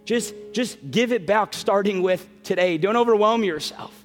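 High-voiced pastor preaching in a reverberant hall. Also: male voice. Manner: storytelling, emotional, breaks into quick asides. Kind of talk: sermon. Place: large church sanctuary. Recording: long hall reverb, soft music behind.

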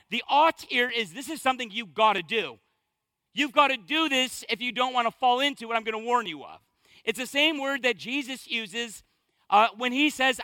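A man's voice: very high-pitched, bright, forceful tone, no room sound. A man preaching a sermon as pastor, emphatic and conversational, repeating phrases for stress.

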